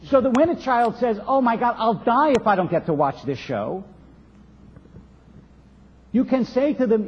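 A man giving a sermon as a rabbi, telling stories in a measured way with rhetorical questions, recorded on dull lo-fi sound in a reverberant synagogue. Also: high voice, very animated, breathy edge. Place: synagogue sanctuary.

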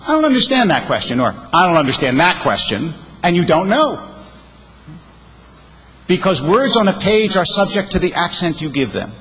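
A male rabbi preaches with a high, animated voice that rises and falls as he leans into key words. He recites verse with feeling and explains it warmly to his congregation. His voice rings out with a long reverb, as if in a large sanctuary. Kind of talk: sermon.

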